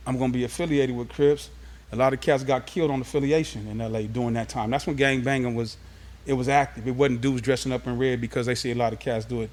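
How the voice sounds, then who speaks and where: A man from Los Angeles, a guest in an interview, telling stories of his youth in a casual, streetwise way. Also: medium pitch. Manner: animated, streetwise storytelling.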